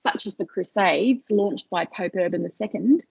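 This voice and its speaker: A woman's voice: mid-range voice, normal speed, gravelly, darkish tone, breathy edge, dry recording. A woman giving an academic seminar talk over a video call, hesitant, with many fillers and restarts. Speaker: lecturer. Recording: dull lo-fi video call audio.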